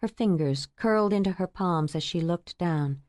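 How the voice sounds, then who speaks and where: A woman narrating a romance novel audiobook in a measured, intimate storytelling manner. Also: on the low side, darkish tone, no echo, clean studio sound.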